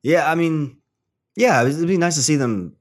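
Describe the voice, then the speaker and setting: A man's voice: fairly high pitch, lively intonation, unhurried. A young man in a casual chat, rambling with lots of fillers and the odd swear word.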